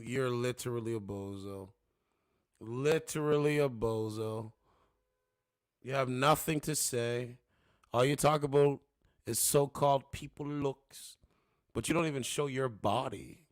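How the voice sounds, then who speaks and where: A man hosting a livestream, casually mocking and trash-talking the people on it with drawn-out taunts. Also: mid-range voice, dry recording, studio quality. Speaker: livestream host.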